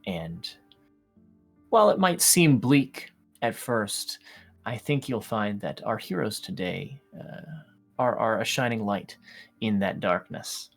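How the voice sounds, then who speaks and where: A guest game master introducing a tabletop one-shot and setting the scene in a measured way. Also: medium pitch, lively intonation, creaky, soft background music.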